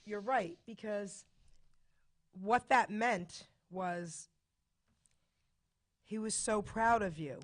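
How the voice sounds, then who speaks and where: A woman's voice: medium pitch, drawn-out words, long pauses. A woman hosting a radio talk show, speaking in an encouraging, conversational way. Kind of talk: casual radio chat.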